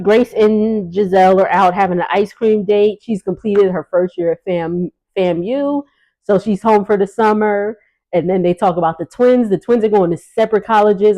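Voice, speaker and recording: A woman's voice: mid-range voice, mellow, low-quality recording. Sassy chatty woman vlogger. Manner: chatty, sassy, laughs often. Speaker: recap vlogger. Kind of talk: casual reality TV recap. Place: home sitting area by the kitchen.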